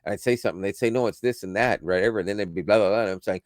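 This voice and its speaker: A man with a fairly low voice chats casually on a podcast, rambling with restarts and little laughs. The sound is dry and close. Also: racing, no room sound. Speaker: podcast co-host. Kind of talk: casual chat.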